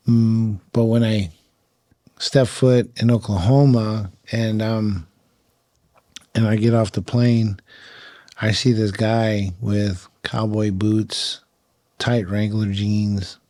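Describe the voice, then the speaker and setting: A man's voice: on the low side, dark tone, no echo, studio quality. A middle-aged man from California, telling stories as a podcast guest in a chatty way, with lots of fillers and laughs. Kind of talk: casual storytelling.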